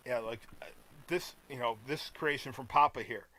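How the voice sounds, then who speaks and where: A man's voice: medium pitch, moderate pace, bright, forceful tone, poor audio. An American man co-hosting a podcast, chatting casually in a rambling way and laughing often. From United States. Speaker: podcast co-host. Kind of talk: casual chat.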